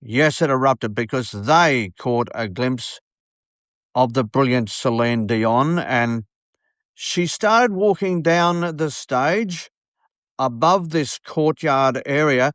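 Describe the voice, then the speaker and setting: A man, a radio host telling a story in an earnest, unhurried way, with many fillers. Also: mid-range voice, fairly bright tone, no room sound, clean studio sound. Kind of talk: storytelling monologue.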